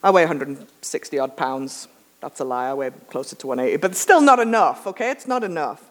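A woman preacher giving a sermon, telling a lively self-mocking anecdote with humor. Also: low-pitched, quick pace. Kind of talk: storytelling sermon.

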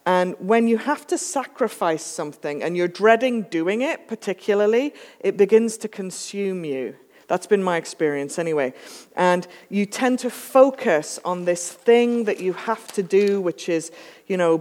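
A pastor giving a relaxed, chatty sermon with joking asides. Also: medium pitch. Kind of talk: conversational sermon. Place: church sanctuary. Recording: long church reverb.

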